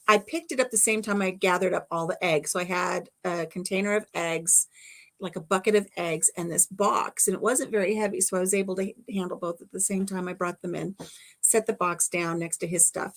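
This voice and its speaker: A woman co-hosting a casual home livestream, chatting and telling stories with lively acted-out quotes. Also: fairly low pitch. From Arkansas. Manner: chatty, animated, acts out quotes. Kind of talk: casual storytelling chat.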